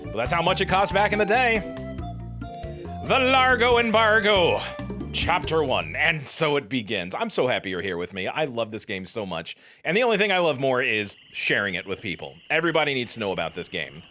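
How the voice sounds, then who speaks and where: A middle-aged man hosting a let's play, chatting with enthusiasm and quick jokes. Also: medium pitch, very animated. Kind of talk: gaming commentary. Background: game music.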